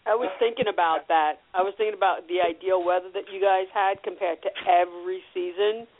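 A woman's voice: lowish voice, steady tone, fairly quick. A woman co-hosting a casual call-in show, giving helpful tips. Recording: tinny phone-line audio.

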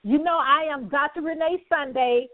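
A woman's voice: high voice, normal speed, dry recording. A woman hosting a talk broadcast, effusive and repetitive, with preacher-like emphasis and frequent laughter. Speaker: talk show host. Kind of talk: enthusiastic broadcast outro. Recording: thin phone-like line.

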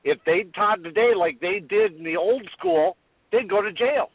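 A man's voice: sits high, animated, normal speed, husky, dry recording. A man co-hosting a martial arts talk radio show, chiming in with short, teasing remarks. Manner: brief, teasing interjections. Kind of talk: casual radio chat. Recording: dry, tinny phone line.

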